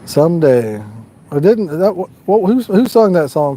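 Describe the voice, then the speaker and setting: A man's voice: sits high, very animated, measured pace, dark tone, slight background noise. A man hosting a fishing livestream, rambling in a folksy, casual way and talking to the viewers in chat. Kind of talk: casual live-stream chat.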